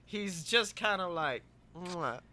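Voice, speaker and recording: A young man co-hosting a podcast swears freely while animatedly acting out funny stories in a casual chat. He has a high voice and a slightly slow pace. There's a little hiss or hum in the audio.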